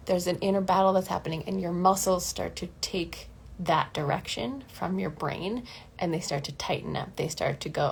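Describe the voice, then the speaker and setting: A woman's voice: fairly low pitch, a little fast, vocal fry, slightly rough. A woman vocal coach talking casually and candidly in a livestream lesson, laughing often and acting out the voices in her head.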